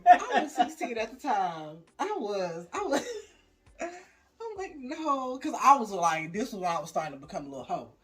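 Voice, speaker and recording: A woman's voice: mid-range voice, moderate pace. A woman in a casual panel chat, joking and laughing through her stories. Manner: giggly, joking, animated.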